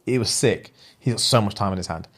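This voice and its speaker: A young man telling a story as a podcast co-host, slangy and animated, acting out what people said. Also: on the low side, fast talker, breathy edge. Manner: animated, slangy, acts out quotes. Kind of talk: casual storytelling chat.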